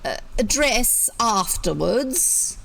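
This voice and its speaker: A stuffy storybook gentleman who speaks with great dignity but keeps stalling over his words, read by a woman. The delivery is slow and careful, with a lively rise and fall. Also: on the high side, gravelly, pitched above the performer's own voice, full character voice, rough recording. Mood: hesitant. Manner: dignified, hesitant with ums. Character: pompous, flustered male host.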